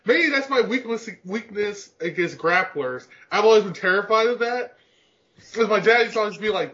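A high-pitched man in his thirties, talking crudely and laughing through his jokes in a relaxed podcast chat. The sound is a bit dull and lo-fi. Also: normal speed. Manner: crude, joking, laughs often.

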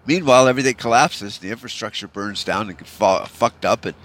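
Podcast host, male, low voice, rambling, profane, bitter solo rant. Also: brisk, a bit bright. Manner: rambling, profane, frequent "you know" fillers; discouraged, bitter tone.

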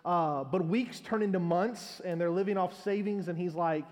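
A man's voice: sits high, normal speed, darkish tone, long reverb tail. A male pastor preaching a sermon, telling a long humorous story as an illustration.

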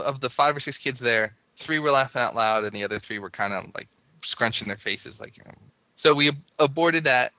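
A man's voice: medium pitch, pushed and bright, no echo. A man casually telling a long story, rambling and breaking off mid-sentence with lots of "like". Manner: rambling, self-interrupting, lots of "like".

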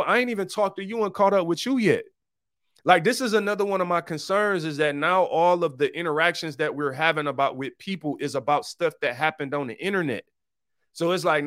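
A man hosting his own podcast in a casual, animated, preachy monologue full of slang. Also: medium pitch, no echo, clean studio sound. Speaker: podcast host.

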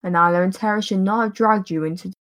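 A woman playing a booming, stern ancient god. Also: steady tone, fast talker, close to an everyday voice. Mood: firm. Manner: stern, scolding, commanding. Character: booming ancient male divine being, stern.

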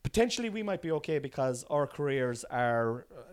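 A man's voice: mid-range voice, very animated, a little fast, clean tone, no echo, clean studio sound. Easygoing, rambling man. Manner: rambling, hesitant restarts, reflective. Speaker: podcast co-host, father. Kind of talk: casual chat.

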